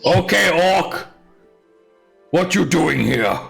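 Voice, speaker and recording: A man's voice: animated, slow, gravelly, fairly bright tone, faint music behind, heavily acted. A man voicing a dim-witted male orc guard who speaks in broken, simple sentences. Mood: suspicious. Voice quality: deep, broken simple speech.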